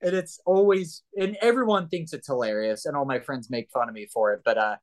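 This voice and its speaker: A man speaking as a guest in a casual chat, with a voice of middling pitch. He tells stories in a rambling, animated way, restarting sentences and swearing along the way. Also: fast talker. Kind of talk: casual anecdote telling.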